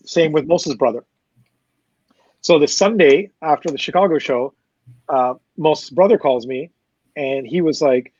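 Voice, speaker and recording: Lively Canadian man telling a story. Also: on the high side, measured pace, long pauses, dry recording. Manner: animated, acts out quoted voices, swears. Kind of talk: casual storytelling on a podcast. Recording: slightly muffled dry recording.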